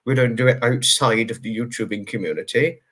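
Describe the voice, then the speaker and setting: A man's voice: mid-range voice, a little fast, a bit bright, husky. A man hosting a livestream, answering viewer comments in a casual, rambling way. He sounds tired and talks earnestly, with many fillers, as he reassures his viewers. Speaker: livestream host.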